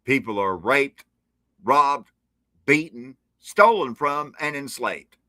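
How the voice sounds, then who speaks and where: A man's voice: medium pitch, expressive, slow pace, pushed and bright, dry recording. A man, a podcast guest talking casually in an impassioned, sardonic rant over a remote call. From Appalachia. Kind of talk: casual conversation. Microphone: remote streaming call.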